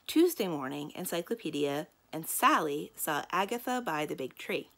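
Creaky-voiced librarian reading aloud. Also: female voice, deep voice, moderate pace. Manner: calm, inviting storyteller. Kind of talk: reading a children's book aloud.

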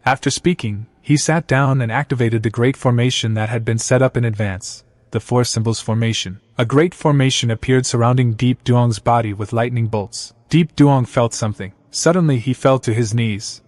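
A man's voice: medium pitch, normal speed, hardly any pauses, darkish tone, no echo. Dry close male recap narrator. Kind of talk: scripted story recap narration.

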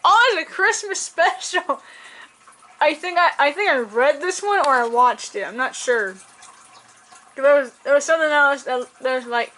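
A woman's voice: high-pitched, a bit bright. A young woman in casual reaction commentary, rambling and swearing as she films on a handheld camera. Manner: rambling, profane, laughs a lot. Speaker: reaction video host.

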